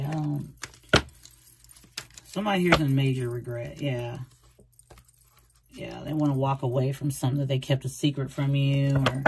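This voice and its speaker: A woman with a bass, slightly mellow voice reads tarot cards casually, with a little hiss or hum audible in the recording. She rambles along in a chatty way, circling back to the same phrases and acting out quoted thoughts.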